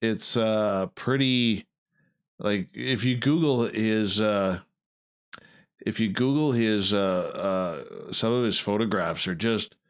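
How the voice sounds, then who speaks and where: A man's voice: on the low side, takes it slowly, smooth. A man hosting a radio show, chatting casually and rambling with frequent restarts and fillers.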